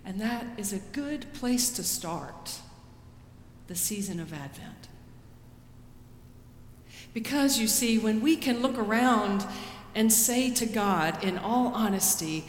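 A woman pastor preaching a sermon in a slow, deliberate way, rising for quoted pleas and dropping soft after them. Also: mid-range voice, expressive, slight background noise. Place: church sanctuary. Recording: roomy church with long reverb.

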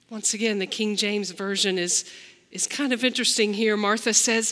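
A woman pastor delivering a slow, reflective sermon, acting out the lines she quotes. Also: medium pitch, fairly even intonation, a bit bright, long reverb tail.

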